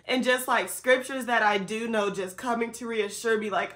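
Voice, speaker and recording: A young woman with a bright, clear tone talks into her camera in a candid personal vlog. She sounds tired and close to tears. She addresses her viewers directly and speaks with open feeling. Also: a little high, normal speed. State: tearful and tired. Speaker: vlogger. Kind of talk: emotional personal vlog talk.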